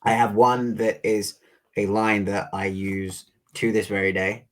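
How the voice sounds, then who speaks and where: Lower-voiced man co-hosting a podcast. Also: unhurried. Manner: relaxed, quotes film lines in passing. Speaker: podcast co-host. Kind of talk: casual chat.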